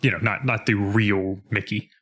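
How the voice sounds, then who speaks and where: A man co-hosting a podcast, chatting casually about a video game and acting out its lines in a lowered voice. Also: moderate pace. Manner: animated, acts out character lines in a lowered voice. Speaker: podcast co-host.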